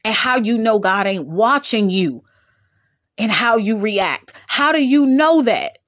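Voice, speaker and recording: A bubbly woman hosting her own podcast, mixing preaching and humor as she urges her listeners on. Her pitch swings widely, leaping high when she gets excited. She talks in a loose, playful, exhorting way. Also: slow. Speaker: podcast host. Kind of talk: preachy motivational podcast talk.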